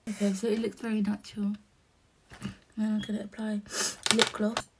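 A young woman vlogging casually as she does her makeup, talking softly and often half-whispering in a chatty way. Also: medium pitch, monotone, moderate pace, noisy background. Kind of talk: casual chat while doing makeup.

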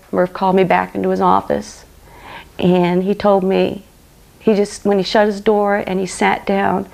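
A woman giving an earnest personal testimony, halting and repeating phrases as she speaks. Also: medium pitch, vocal fry, darkish tone.

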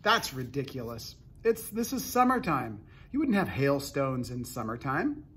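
A man voicing a brash, boastful male centipede in a storybook reading, yelling insults loudly with a husky voice. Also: mid-range voice, very animated, a little slow, heavily acted. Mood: scoffing. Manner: loud, mocking, yelling insults.

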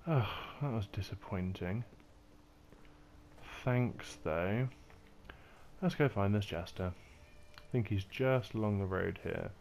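A man's voice: on the low side, lively intonation, slow, creaky, pauses often, a little mellow, slight background noise. A young man chatting sarcastically as he plays through a game, with exasperated asides. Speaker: gaming video host. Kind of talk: casual let's play commentary.

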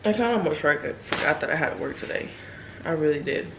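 A woman's voice: low-pitched, animated, fast, background noise. A young woman vlogging casually to camera, rambling candidly with many fillers, tired and yawning. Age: young adult.

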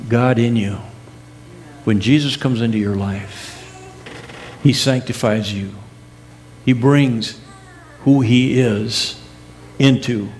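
A middle-aged male pastor preaching a sermon in earnest, with emphatic rising peaks, soft drops and casual folksy asides. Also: mid-range voice. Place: church sanctuary.

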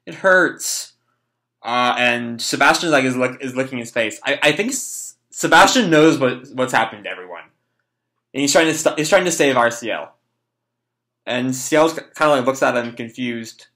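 A man's voice: mid-range voice, moderate pace, pushed and bright. A young man reading and reacting to a manga chapter in casual, rambling talk with swearing and lots of fillers.

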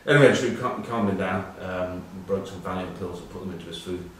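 A low-voiced Englishman in his forties, once a rugby captain, talks fast while presenting a web news piece, drifting through rambling anecdotes full of ums and uhs and dry, self-mocking humour. It's a casual monologue recorded in a very echoey room with the mic far off and faint noise behind him.

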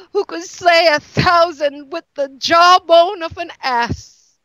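Fervent high-voiced woman preacher. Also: dry recording, low-quality recording. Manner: fervent, repeats yes and hallelujah, swings from shouting to hushed. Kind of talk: sermon.

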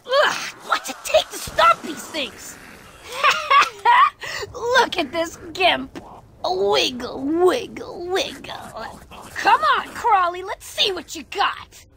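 Brash, trash-talking young woman fighting zombies in a game; unhurried delivery, lively and swinging in pitch. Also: creaky, slight background noise, full character voice. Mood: taunting. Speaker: video game character. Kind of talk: video game voice lines.

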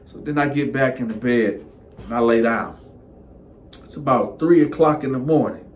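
A man hosting a casual storytime, acting out every part with animated delivery and constant filler words. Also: medium pitch, normal speed, a little hiss or hum. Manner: animated, acts out all parts, repetitive filler 'man'. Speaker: storyteller, channel host.

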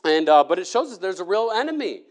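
Male preacher, sermon, earnest, high-ish voice, conversational restarts. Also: sing-song, quick pace. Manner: earnest, with frequent restarts and fillers.

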